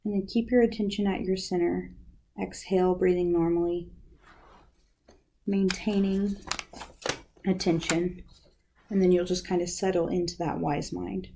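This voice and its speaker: A woman's voice: fairly low pitch, measured pace, gravelly, long pauses. A young woman working as a university outreach specialist, giving a casual guided lesson on counseling skills with many ums and likes. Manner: relaxed, uses many fillers like "um" and "like".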